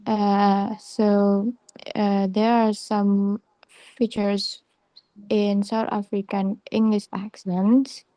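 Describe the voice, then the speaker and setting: A woman giving a hesitant class presentation, often pausing with fillers as she reads from her notes. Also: medium pitch, level tone, mellow, no room sound, rough recording. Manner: hesitant, many fillers and restarts, reading notes. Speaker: student presenter.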